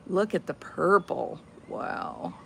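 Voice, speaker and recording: A woman with a gravelly, creaky voice talks slowly and easily to her viewers. Her pitch swings widely as she chats. Faint outdoor noise and a dog can be heard behind her at sunrise by the water. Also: big pitch swings, fairly bright tone. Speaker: vlogger. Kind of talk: casual morning vlog chat.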